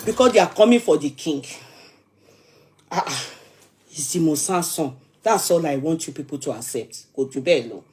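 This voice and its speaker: A woman with a Nigerian accent hosting a gossip stream, dramatic and animated, arguing back at viewers' comments. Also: sits low, normal speed, long pauses, a little hiss or hum. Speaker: gossip channel host. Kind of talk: live chat commentary.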